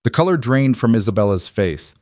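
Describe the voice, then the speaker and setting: A man narrating a scripted story in an even, steady manner. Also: medium pitch, a little fast, no echo.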